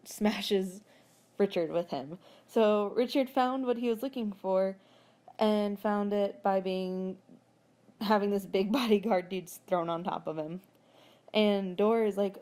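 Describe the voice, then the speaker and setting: A woman talks through a story recap in a loose, rambling way as a podcast host. Her voice is mellow and soft-edged. She laughs often and swears freely. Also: medium pitch. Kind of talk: casual book recap.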